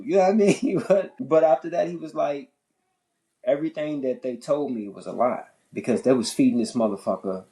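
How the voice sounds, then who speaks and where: A man on a podcast telling a long story in casual chat. He talks in an animated, profane way, often repeating and restarting his phrases. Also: a little fast, rough recording. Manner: animated, profane, pitch jumping high when worked up. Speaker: podcast host.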